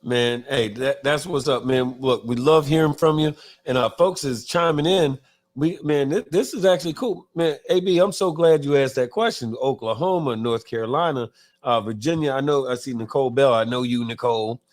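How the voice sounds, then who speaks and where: A man's voice: mid-range voice, normal speed. A man co-hosting a live online biker talk show, chatting loosely, reading viewer comments aloud and cursing casually. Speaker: podcast co-host. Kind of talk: casual live-stream chat.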